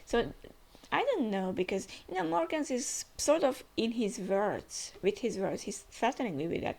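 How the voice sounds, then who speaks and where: Sex: woman. Role: manga reaction host. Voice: gravelly with vocal fry, lively intonation. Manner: chatty, musing, hesitant. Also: mid-range voice, unhurried. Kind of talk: casual manga reaction commentary.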